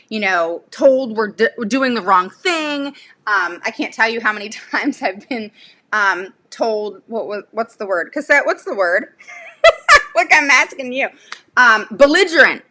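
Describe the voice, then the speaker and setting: A special education advocate talks casually to her livestream audience in a pushed, bright voice of medium pitch. Blunt and heated, she keeps tossing in "okay?", wanders off on tangents, and laughs abruptly.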